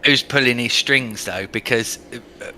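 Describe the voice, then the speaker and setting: Bright-voiced English man, blunt banter. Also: medium pitch, measured pace, slight background noise. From England. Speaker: podcast co-host. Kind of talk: casual chat.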